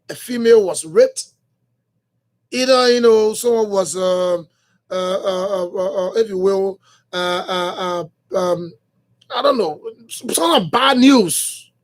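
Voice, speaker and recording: Liberian guy hosting morning radio, pretty high voice, rambles and repeats stuff, lots of uhs. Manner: rambling, repeats phrases, many fillers and restarts. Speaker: radio show host. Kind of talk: morning radio talk show monologue. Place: radio studio.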